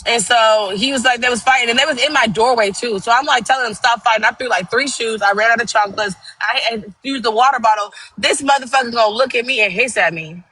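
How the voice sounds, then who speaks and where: Animated, bright-voiced woman telling stories. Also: a little high, quick pace, hardly any pauses, breathy edge, poor audio. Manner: animated storytelling, profane, acts out quotes. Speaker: TikTok live host. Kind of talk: casual chat.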